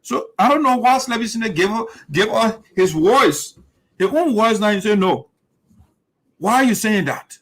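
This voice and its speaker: A man's voice: high-pitched, animated, normal speed, a bit bright, low-quality recording. A man hosting heated political commentary, emphatic and repetitive, often mimicking his opponents' lines. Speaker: show host.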